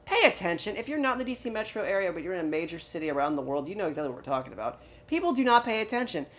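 A woman's voice: lowish voice, very animated, rapid-fire. A woman co-hosting a podcast in casual chat, who jokes and keeps interrupting with questions. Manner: joking, interrupts often to quiz and tease. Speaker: podcast co-host. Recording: dull lo-fi recording.

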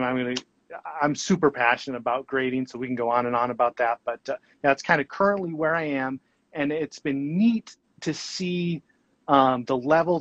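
A man speaking as a guest in a casual interview, thoughtful and halting, with plenty of ums and restarts. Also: medium pitch, fairly bright tone, no room sound, highs cut off. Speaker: guest colorist.

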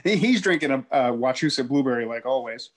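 A man's voice: mid-range voice, expressive, quick pace, breathy edge. A man as a returning guest on a casual podcast, hesitant and repeating himself. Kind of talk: casual chat.

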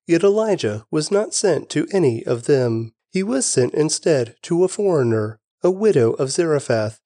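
A man reading aloud, voicing a calm male teacher who speaks with authority. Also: fairly high pitch, normal speed, no echo, clean studio sound. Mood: teaching.

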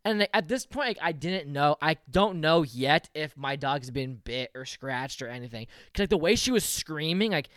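A man's voice: on the high side, lively intonation, moderate pace, hardly any pauses, fairly bright tone, no echo, clean studio sound. Rambling young man, "like" after every word. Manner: rambling, says "like" constantly, swears a lot. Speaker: storyteller in a chat with friends. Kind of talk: casual chat.

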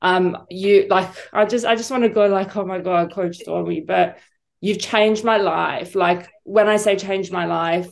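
A woman's voice: mid-range voice, fairly even intonation, unhurried, gravelly. A woman from South Africa hosting a podcast interview, gushing and effusive, teary-eyed, with many fillers. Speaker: podcast host.

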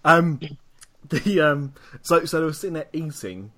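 A man's voice: fairly high pitch, lively intonation, measured pace, sharp tone, a little hiss or hum. A man hosting a podcast in casual chat, rambling through stories and laughing often. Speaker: podcast host.

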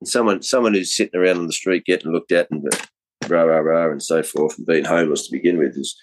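A middle-aged comedian guesting on a podcast talks bluntly and jokily, swearing, calling people mate, and acting out little scenes in casual conversation. His voice is low and steady, his pace quick, with a little hiss or hum in the recording.

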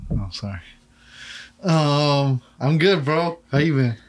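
A man's voice: a little high, lively intonation, slow. A young man co-hosting a podcast, chatting casually and telling a laid-back, slangy story. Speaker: podcast co-host. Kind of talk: casual chat.

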